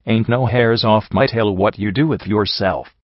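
A man's voice: fairly low pitch, normal speed, no room sound, lo-fi sound, natural voice. A man voicing a wily old male pony gang boss who talks in a teasing, folksy drawl. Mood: folksy amused. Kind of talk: audiobook character voice.

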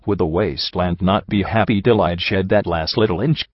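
A man narrating a dark first-person story in a grim, intense, dramatic reading. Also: sits low, moderate pace, slightly rough, dry recording. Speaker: audiobook narrator. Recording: dry, dull lo-fi recording.

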